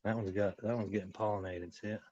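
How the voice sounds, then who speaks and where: This host talks fast with a fairly low, a little mellow voice and flat delivery, and the lo-fi audio carries slight background noise. He's running a relaxed garden tour outdoors on a live stream for his garden channel, rambling to viewers in a plain, friendly way. The phone or camera starts on a tripod and ends up handheld as he walks.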